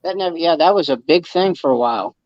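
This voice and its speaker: A guest comedian rattles off anecdotes fast in an animated, fairly high voice, acting out what people said and restarting frequently in the casual chat. Audio is dry, dull, and lo-fi.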